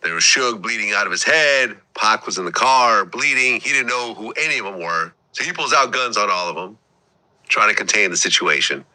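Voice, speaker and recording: Low-voiced host pressing questions. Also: male voice, lively intonation, moderate pace, sharp tone, rough recording. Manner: retells events and presses with follow-up questions. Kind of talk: casual podcast interview.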